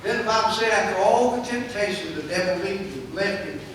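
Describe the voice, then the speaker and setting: High, bright-voiced preacher in echoey church. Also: male voice, animated, a little fast, slight background noise. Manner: preaching with swelling, shouted climaxes. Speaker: pastor. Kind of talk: sermon. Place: church sanctuary. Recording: echoey church hall, mic far off.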